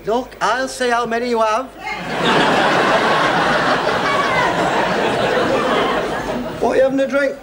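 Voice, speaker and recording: A man's voice: extremely high pitch, level tone, quick pace, a loud crowd. An actor playing a boastful, joking middle-aged man, in a sitcom. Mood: cheeky. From England. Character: brash English man, boozy and boastful. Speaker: English newcomer in a pub. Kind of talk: 1970s sitcom acting. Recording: noisy old TV soundtrack.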